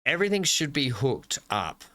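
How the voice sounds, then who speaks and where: A man's voice: mid-range voice, sing-song, normal speed, sharp tone, no echo. An Australian man hosting a casual gameplay commentary, chatty and jokey, talking to himself as he plays. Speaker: gaming channel host.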